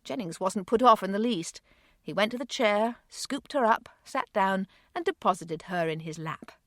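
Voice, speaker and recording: A woman narrating a romance novel audiobook in a calm storytelling manner. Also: mid-range voice, moderate pace, no room sound, studio quality.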